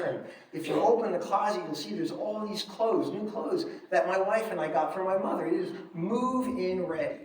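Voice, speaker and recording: A middle-aged man telling a personal story on stage, wry and animated, acting out the lines he quotes. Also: high voice, slight background noise. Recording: echoey room, from far off.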